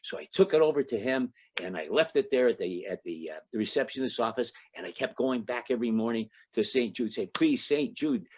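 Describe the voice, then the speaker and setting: Man in his eighties, from Ohio, lively storyteller, acts out the voices, mid-pitched. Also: fast, hardly any pauses, slight background noise. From Toledo, Ohio, United States. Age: 80s. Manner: lively raconteur, acts out quoted dialogue with raised pitch; chuckles between lines, frequent restarts. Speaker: guest speaker. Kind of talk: anecdotal storytelling to a club audience.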